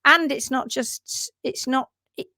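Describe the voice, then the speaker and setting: A woman's voice: high voice, slow pace, pushed and bright, dry recording. A woman hosting a casual livestream, upbeat and chatty, reading out viewer comments and teaching about hoof care.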